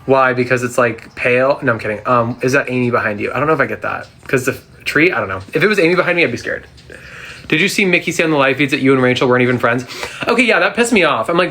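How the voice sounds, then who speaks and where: Young guy on a phone live from home, sassy and chatty, bright clear voice. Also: mid-range voice, animated. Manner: chatty and sassy, quick comebacks. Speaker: live-stream host answering fan questions. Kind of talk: casual live Q&A chat. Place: at home, sitting on the floor.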